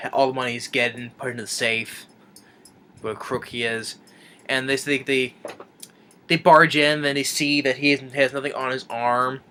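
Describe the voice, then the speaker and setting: A man's voice: medium pitch, sharp tone, slight background noise. A man reviewing a film, retelling the plot in a rambling, casual way with many restarts and chuckles.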